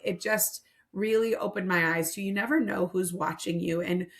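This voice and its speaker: A woman's voice: on the low side, moderate pace. A middle-aged woman leading a nonprofit mission, telling stories earnestly and reflectively in a podcast interview.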